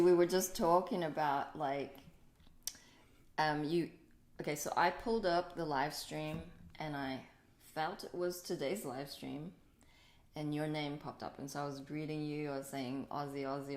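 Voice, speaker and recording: A woman co-hosting a livestream, chatting casually and affectionately with callers. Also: low-pitched. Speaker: co-host of spiritual livestream. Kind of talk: casual chat.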